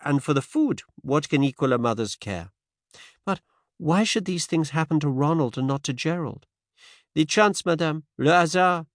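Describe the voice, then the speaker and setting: A man's voice: on the high side, lively intonation, moderate pace, dry recording, clean studio sound, voice pushed up, natural voice. A man reading the part of a fussy, precise older detective who slips French words into formal speech. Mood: courteous.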